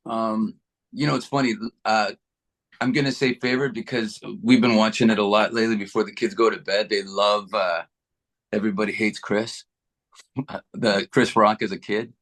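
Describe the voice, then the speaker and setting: A middle-aged man from Canada, a guitarist being interviewed, chatting in a relaxed, rambling way with many restarts. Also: fairly low pitch, normal speed. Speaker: guitarist guest. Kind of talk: casual interview chat.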